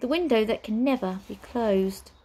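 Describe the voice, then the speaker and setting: Woman doing a smug witch in a storybook, unhurried and teasing, husky voice. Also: a little high, warm tone, natural voice. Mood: cool. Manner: cool, drawn-out, teasing delivery.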